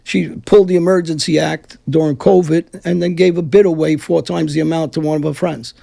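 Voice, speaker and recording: A man's voice: on the high side, fairly even intonation, fairly quick, gravelly, mellow. A man from Brooklyn, speaking bluntly and combatively with frequent profanity as a guest in an interview. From Brooklyn, New York. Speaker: guest, former mafia figure. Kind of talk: casual interview talk.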